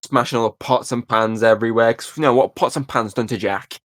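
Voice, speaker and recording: A man's voice: mid-range voice, steady tone, a little fast, a bit bright, no room sound, clean studio sound. A young man hosting a podcast, casually recapping a film scene by scene and acting out the quoted lines between laughs. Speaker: podcast host. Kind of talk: casual film breakdown chat.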